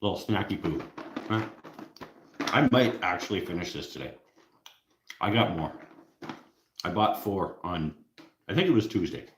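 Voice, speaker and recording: A man's voice: low voice, expressive, normal speed, pauses often, reverberant. A Canadian man with a Canadian accent, hosting a casual live stream, joking with viewers and laughing at his own jokes. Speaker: livestream host.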